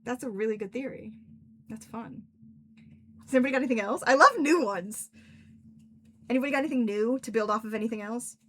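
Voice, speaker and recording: A woman's voice: a little high, fast talker, slight background noise. A young adult woman hosting a casual livestream as an author, chatting with a friend and filling her talk with "like". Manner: chatty, lots of filler "like". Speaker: author and stream host.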